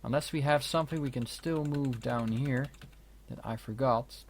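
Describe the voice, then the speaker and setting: A man's voice: medium pitch, normal speed, creaky, a little hiss or hum. A man giving casual, wry commentary while playing a strategy game, swearing now and then. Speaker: let's play host. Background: keyboard and mouse clicks.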